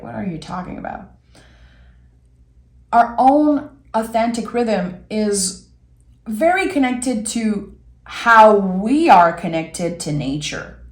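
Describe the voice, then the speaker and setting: A woman reads tarot cards slowly and gently, her thoughts unfolding in soft, reflective pauses. Her voice sits at an ordinary middle pitch. An echoey room rings around her. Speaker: tarot reader. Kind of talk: intuitive tarot reading.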